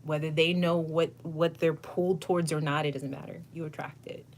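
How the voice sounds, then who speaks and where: Low-voiced effusive woman tarot reader. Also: fairly even intonation, brisk. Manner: effusive and gushing, laughs often, casual swearing. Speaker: tarot reader and channel host. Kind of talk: casual livestream chat answering viewers.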